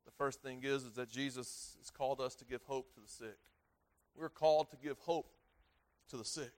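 Delivering a sermon, a middle-aged male pastor keeps a steady tone while halting and repeating words. His volume climbs for emphasis, then sinks low as each phrase closes.

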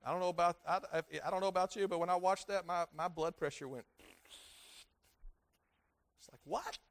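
A middle-aged man delivers a sermon in a high voice. He stumbles and repeats words as he goes, building to loud emphatic peaks and letting phrases sink low at their ends. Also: steady tone. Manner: halting, repeats words often. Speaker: pastor.

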